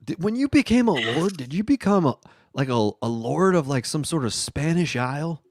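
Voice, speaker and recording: A man with a high, bouncing voice trades crude jokes and hot takes. He sounds close-miked, with a dry sound and no room echo. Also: very animated, normal speed. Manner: joking, brash, playful voices. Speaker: podcast co-host. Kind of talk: casual, profane banter.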